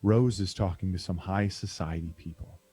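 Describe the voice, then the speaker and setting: A man's voice: sits low, normal speed, mellow, faint music behind. A man hosting and narrating a comedy script reading on a stream, flustered and self-deprecating. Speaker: narrator and show host.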